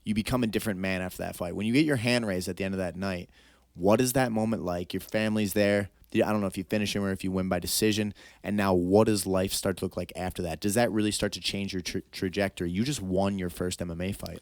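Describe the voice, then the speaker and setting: A man hosts a podcast interview, asking long, reflective questions and pressing his points with emphasis. His voice sits fairly low. The recording is close and dry. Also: fairly even intonation, fast talker, dry recording. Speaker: podcast host. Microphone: podcast mic.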